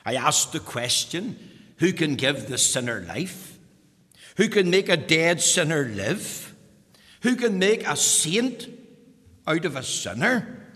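Emphatic male preacher, high voice, bright tone, church reverb. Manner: emphatic, rhetorical questions. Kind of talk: sermon. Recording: long hall reverb.

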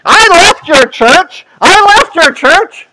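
A male preacher voicing an indignant middle-aged woman who left his church, demanding and shrill. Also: animated, a little fast, a bit bright, rough recording. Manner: shrill, finger-wagging, demanding.

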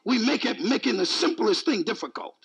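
A man's voice: high-pitched, animated, fairly quick, creaky, a bit bright, husky, rough recording. A male preacher giving an emphatic, repetitive sermon, mixing in jokes.

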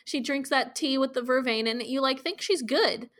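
A woman co-hosting a casual TV recap chat, animated and swearing freely as she acts out scenes. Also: sits high, normal speed. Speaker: podcast co-host.

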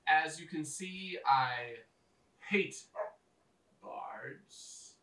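A man's voice: fairly high pitch, expressive, extremely slow, gravelly, bright, forceful tone, roomy sound, recorded from a distance, slight background noise, exaggerated voice, poor audio. A man doing a melodious female goblin shaman. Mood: scheming. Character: female goblin shaman, scheming, hates bards.

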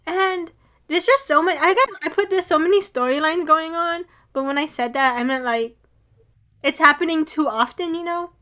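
A woman's voice: extremely high pitch, normal speed, pushed and bright. A young woman co-hosting a casual chat, playfully confused and mock-scolding. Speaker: podcast co-host. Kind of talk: casual chat recapping a drama.

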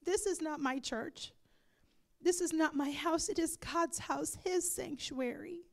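A woman's voice: sits high, unhurried, creaky. A woman pastor preaching a sermon and leading prayer with fervent feeling, dropping now and then into whispered pleas. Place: church.

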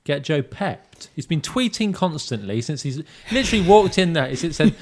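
Teasing, animated male podcast host. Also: a little high, normal speed, slight background noise. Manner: teasing, sarcastic, jumps into silly voices. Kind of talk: casual comedic chat.

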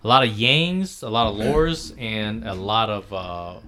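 A young man from Michigan in casual podcast chat, hesitant and halting. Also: on the low side, pushed and bright. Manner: hesitant, many fillers and restarts. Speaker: podcast host.

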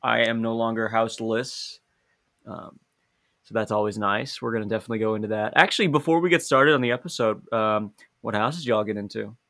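Young male podcast host, bright tone, dry close mic, playful and self-mocking. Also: fairly low pitch, fairly even intonation, brisk, vocal fry, dry recording. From Chicago and Indiana. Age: young adult. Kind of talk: casual chat.

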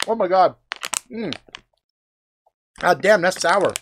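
A man chatting casually on a live stream, rambling with lots of fillers and swearing, breaking into loud exclamations as he tastes snacks. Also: high-pitched, expressive, slow pace, pauses often, a little hiss or hum.

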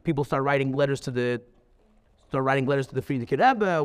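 A man teaching a lively lecture, telling stories with emphatic, animated delivery and many repeats. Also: mid-range voice, quick pace, smooth, in a large hall. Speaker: Torah teacher.

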